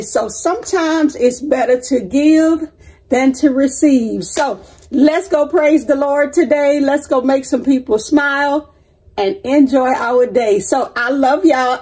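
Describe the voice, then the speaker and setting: High-voiced upbeat woman vlogger. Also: darkish tone. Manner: sprinkles speech with endearments like honey and sweetheart; preachy, uplifting, faith-filled encouragement. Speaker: vlog host. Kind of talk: upbeat casual vlog chat.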